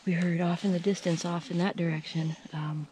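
A woman's voice: lowish voice, a little fast, a little hiss or hum. A woman vlogging a hike, chatting casually to her handheld camera at an outdoor campsite. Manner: relaxed, chatty, with many fillers. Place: outdoor campsite by a trail shelter. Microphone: handheld camera held by the speaker.

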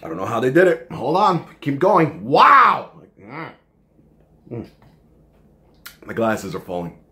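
A man's voice: medium pitch, sing-song, measured pace. Joking, foul-mouthed man in an echoey kitchen. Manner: profane, joking, rambling. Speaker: supplement reviewer. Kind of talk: casual vlog review. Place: home kitchen.

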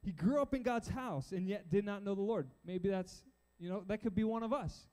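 High-voiced, chatty youth pastor. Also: male voice, normal speed. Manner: animated, chatty, acts out Bible figures. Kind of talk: casual sermon to a youth crowd. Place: church auditorium with a balcony.

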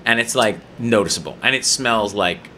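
A man hosting a podcast, telling a story in casual, profane chat and jumping into quick voices. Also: fairly low pitch, pushed and bright, a little hiss or hum. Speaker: podcast host.

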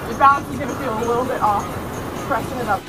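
High-voiced, upbeat woman coaching a workout. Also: quick pace, over loud music. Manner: upbeat and encouraging, giving step-by-step cues. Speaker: fitness instructor. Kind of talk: outdoor workout instruction. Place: outdoors in a beach park with benches.

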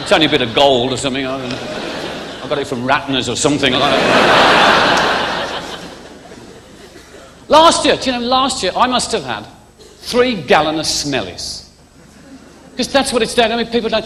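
A man's voice: fairly high pitch, big pitch swings, moderate pace, pauses often, noisy background. Cheeky Brummie man doing stand-up live. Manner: chatty, cheeky, slips into mock voices for jokes. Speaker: stand-up comedian. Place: large theatre stage, live audience. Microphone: stage microphone. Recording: live theatre recording with hall echo and loud audience. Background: audience laughter.

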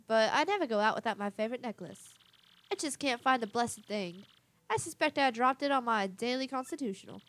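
A woman's voice: a little high, lightly acted. A woman voicing a vain, fussy, posh lady spirit who talks in a genteel, affected, old-fashioned way.

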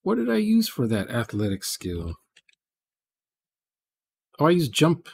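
A man's voice: fairly high pitch, wildly swooping pitch, unhurried, creaky, husky. A man hosting a programming livestream, rambling in casual chat and muttering to himself as he codes. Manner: rambling, muttering asides while coding.

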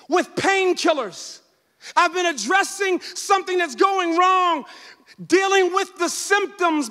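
High, bright-voiced preacher man in a reverberant hall. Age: 40s. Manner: shouting, call-and-response preaching. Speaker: pastor. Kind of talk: sermon. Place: church sanctuary.

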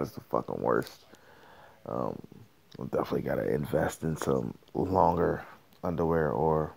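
A man's voice: low voice, creaky. A man hosting a solo podcast, ranting casually in a profane, rambling, joking way. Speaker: podcast host.

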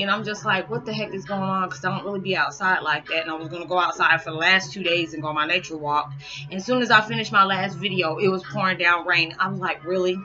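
Chatty middle-aged woman vlogging. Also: lowish voice. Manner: chatty, laughs often, restarts and self-corrects. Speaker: spiritual vlogger. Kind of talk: casual rambling chat to camera. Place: at home. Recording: dull lo-fi sound with loud music behind. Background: meditation music playing.

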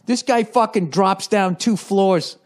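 A comedian hosting a podcast tells a story in a casual, rambling monologue, his voice high and his pace slow. He's profane and animated, swearing freely and restarting his sentences again and again.

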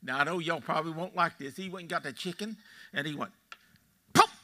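A man's voice: fairly high pitch, fast, sharp tone. A man in his eighties with a Texan accent, preaching a sermon in a folksy storytelling way and quizzing his congregation. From Texas. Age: 80s. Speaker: pastor. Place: church sanctuary.

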